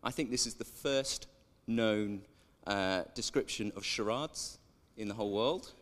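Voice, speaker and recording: A man's voice: lowish voice, a little slow. A man preaching a sermon in a chatty way, drawing in the congregation with questions. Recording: echoey church hall.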